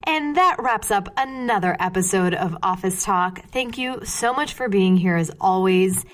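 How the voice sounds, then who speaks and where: A woman's voice: medium pitch, animated, normal speed. Upbeat Californian woman podcast host. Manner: chatty, upbeat, laughs easily. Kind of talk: casual podcast interview and outro.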